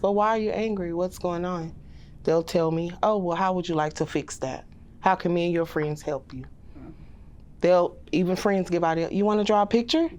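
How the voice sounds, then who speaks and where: A woman pre-K teacher with a fairly low voice tells her classroom stories in a plain, casual way. She often slips into quick, livelier voices to quote the children and her own replies to them. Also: a little mellow. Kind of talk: casual storytelling in a podcast interview.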